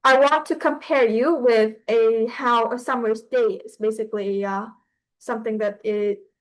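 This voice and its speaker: A woman teaches poetry to a class in a high, light voice. She talks slowly and haltingly, pausing often and restarting her sentences as she works through an explanation. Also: fairly even intonation, rough recording. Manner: hesitant, with frequent pauses and restarts.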